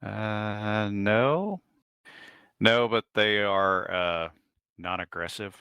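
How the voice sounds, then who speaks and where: A man's voice: on the low side, very slow, clean tone, dry recording, muffled recording. A man explaining his character's plans as a player in a tabletop game, matter-of-fact.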